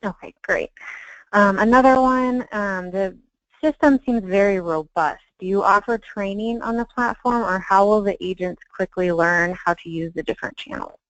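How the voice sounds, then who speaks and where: A woman's voice: mid-range voice, normal speed, a bit bright, no echo, lo-fi sound. A woman moderating a webinar, reading out audience questions with frequent hesitations. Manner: hesitant, many ums.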